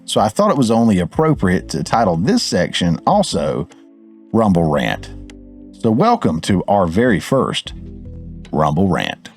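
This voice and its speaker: Lively man ranting. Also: low-pitched, a little slow, gravelly, faint music behind. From Georgia, US. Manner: animated, fired-up, talks to viewers directly. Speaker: show host. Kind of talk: ranting commentary.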